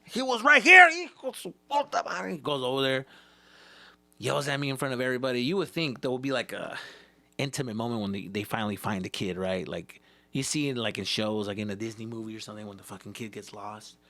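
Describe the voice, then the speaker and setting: A man, a comedian hosting his own podcast, tells profane, animated stories from his childhood and acts out the scenes as he goes. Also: fairly low pitch, fast talker, no echo. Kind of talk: profane comedic storytelling monologue.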